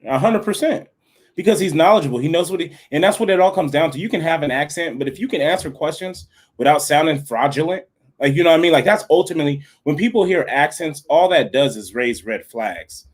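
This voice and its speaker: A man's voice: fairly high pitch, lively intonation, brisk. A young adult man co-hosting a casual podcast, talking in slangy, laughing banter. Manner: slangy, laughing, says bro a lot. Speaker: podcast co-host.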